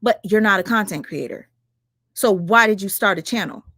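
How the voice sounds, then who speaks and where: A woman ranting on her livestream, firing rhetorical questions at her viewers, swearing often and talking fast and emphatically. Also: medium pitch, sharp tone, slightly rough, no echo, clean studio sound. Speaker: livestream commentator. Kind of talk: heated livestream rant.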